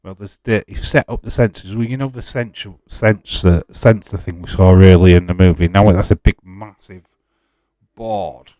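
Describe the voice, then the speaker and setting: A man's voice: low-pitched, moderate pace, dark tone, dry recording. A man hosting a live stream, chatting casually with his viewers and arguing with them in an exasperated way, laughing often.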